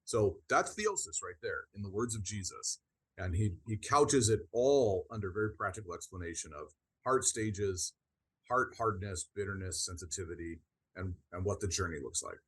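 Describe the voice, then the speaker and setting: A man with a low, husky voice talks through spiritual ideas on a podcast. He is earnest and often restarts his sentences as he explains. It sounds like an unhurried conversational teaching. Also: lively intonation, fairly bright tone. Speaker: podcast co-host.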